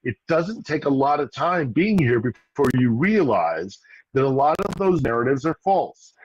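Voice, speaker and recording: A man's voice: medium pitch, sing-song, normal speed, slightly rough, highs cut off. A man giving casual political commentary on a live stream, rambling with restarts and asides. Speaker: regular guest commentator. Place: in Ukraine.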